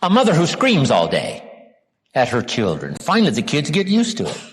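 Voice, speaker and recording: An older American man, a motivational speaker, giving a live seminar lecture to an audience, asking rhetorical questions and repeating key words with slow, drawn-out emphasis. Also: fairly high pitch, wildly swooping pitch, slightly rough. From United States. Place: large hall with a live audience. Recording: live hall recording with long reverb.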